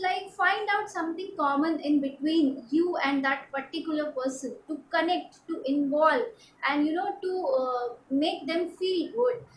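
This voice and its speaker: High-pitched indian lady teaching communication tips, lots of uh and you know, echoey room with faint hiss. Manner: halting, many fillers and restarts, repeats for emphasis. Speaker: personality development trainer. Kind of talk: instructional talk to camera.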